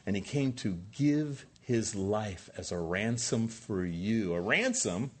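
Husky, animated man preaching a sermon. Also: on the low side, takes it slowly. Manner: animated preaching, rising emphatic peaks, rhetorical questions. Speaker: pastor.

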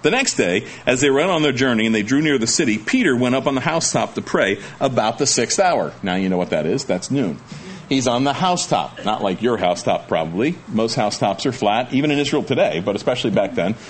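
A man preaches at an ordinary middle pitch, moving from reading scripture aloud to loose, joking explanation aimed at his congregation. His delivery is folksy and conversational, full of quick asides. A faint hiss of noise sits under the recording. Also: lively intonation. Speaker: pastor.

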